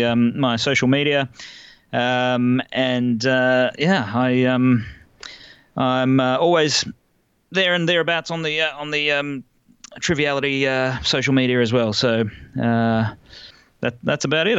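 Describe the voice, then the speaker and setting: An Australian man reads out quiz answers with dry, wry asides. His voice is smooth and resonant, recorded dull and dry. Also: mid-range voice, a bit bright, no echo. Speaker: quiz host. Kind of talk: casual podcast quiz hosting.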